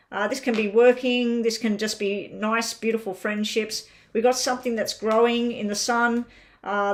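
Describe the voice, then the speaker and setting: Chatty Australian woman reading tarot. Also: on the high side. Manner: chatty, thinks aloud over the cards. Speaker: tarot reader. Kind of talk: live-stream tarot reading.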